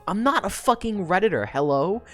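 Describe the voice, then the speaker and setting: A woman's voice: mid-range voice, expressive, normal speed, faint music behind. A woman streamer recapping a book in a casual, rambling way, with lots of swearing and laughter.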